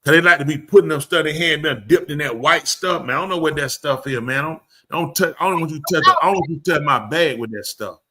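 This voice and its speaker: A man hosting a live show, telling stories in an animated way and acting out the people he quotes. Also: a little high, fast talker, hardly any pauses. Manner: animated storyteller, acts out quotes. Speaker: host. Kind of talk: casual chat.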